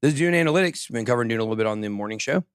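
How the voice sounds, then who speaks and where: A man's voice: mid-range voice, expressive, racing, clean tone, no room sound, studio quality. Joking male crypto show host. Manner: joking, self-mocking, reads news with tangents. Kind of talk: casual chat.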